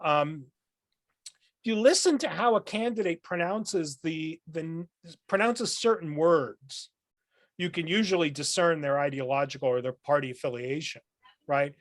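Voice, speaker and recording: A man's voice: a little high, a little slow, no room sound, clean studio sound. Thoughtful professor man explaining ideas. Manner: explanatory, lecturing, thoughtful with frequent um and restarts. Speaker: philosophy professor, guest. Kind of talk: podcast interview.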